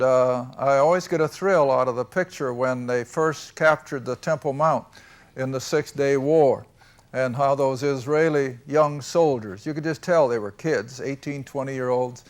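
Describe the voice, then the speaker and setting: Folksy older man teaching Bible. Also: on the high side. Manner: folksy, relaxed, many "uh" fillers. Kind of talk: informal studio Bible lesson. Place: television studio with live audience.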